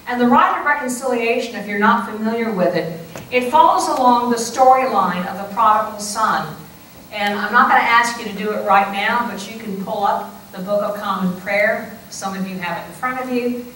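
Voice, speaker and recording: A woman priest preaching a sermon, slow and deliberate with playful conversational asides. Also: mid-range voice, a bit bright, a little hiss or hum. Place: church sanctuary. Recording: echoey church heard from a distance.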